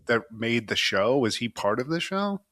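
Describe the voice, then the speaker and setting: A man's voice: mid-range voice, very animated, normal speed, fairly bright tone, no room sound. Male podcast co-host, casual and jokey, medium voice, dry studio sound. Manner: laid-back, joking, swears casually. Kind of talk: casual chat.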